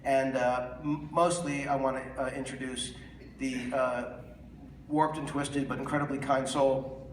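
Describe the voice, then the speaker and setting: Man, casual halting intro speech, recorded from a distance in a reverberant theater. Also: mid-range voice, little pitch movement. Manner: halting, many fillers and restarts. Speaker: filmmaker introducing a screening. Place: large cinema theater. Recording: echoey room, far from the mic, some noise.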